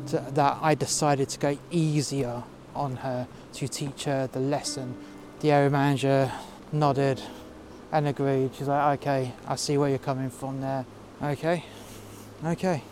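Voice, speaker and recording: A man's voice: medium pitch, background noise. A man telling a workplace story outdoors in freezing cold, heated and profane. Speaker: storyteller recounting a workplace dispute. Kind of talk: casual spoken storytelling. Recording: music playing under the voice.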